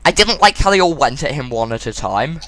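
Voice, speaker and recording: A man's voice: fairly high pitch, expressive, brisk, a bit bright. A man reviewing a film in casual chat. He is blunt and mocking, and he steers the discussion.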